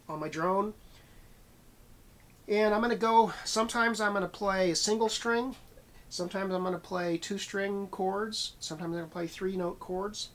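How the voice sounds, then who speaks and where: A man's voice: high-pitched, slight background noise. A man giving a steel guitar lesson, thinking aloud with many fillers and restarts. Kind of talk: instructional talk between playing.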